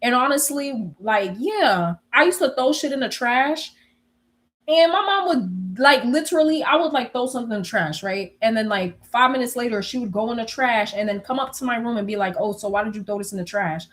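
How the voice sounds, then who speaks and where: Animated, foul-mouthed young woman. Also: a little high, moderate pace. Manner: animated, profane, laughing often. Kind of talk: casual storytelling chat.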